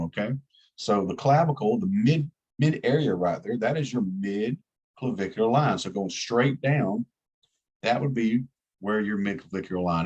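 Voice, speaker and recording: A man's voice: lowish voice, breathy edge, lo-fi sound. A man with a slight Southern US twang teaching an EMT class in a casual, folksy way, asking his students to follow along. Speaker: EMT instructor.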